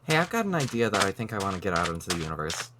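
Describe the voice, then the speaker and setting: Easygoing man over loud noise. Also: deep voice, big pitch swings, racing. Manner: easygoing, laughs often, trails off mid-sentence. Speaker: streamer, co-host. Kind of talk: casual chat while gaming.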